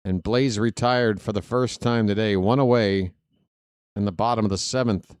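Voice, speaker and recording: A man doing live play-by-play of a baseball game for viewers, chatty and joking with the chat between pitches. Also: fairly even intonation, normal speed, smooth, no echo, clean studio sound. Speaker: fan play-by-play announcer.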